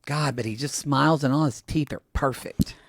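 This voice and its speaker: A man's voice: normal speed, creaky, no echo, studio quality. A man co-hosting a podcast, chatting in a gossipy way. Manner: gossipy, jumps into high-pitched impressions. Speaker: podcast co-host. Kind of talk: casual recap chat.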